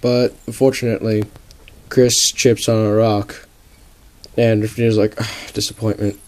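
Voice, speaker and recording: A man's voice: fairly low pitch, little pitch movement, a little slow, a little mellow. A young man casually narrating a homemade comic story, rambling with lots of "like". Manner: rambling, full of "like".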